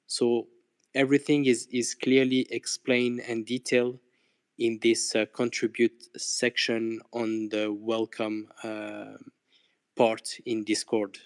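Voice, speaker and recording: A man's voice: medium pitch, level tone, slow pace, clean tone, no room sound. A man explaining things in a casual online chat, hesitant, with many fillers. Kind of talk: casual audio chat room talk.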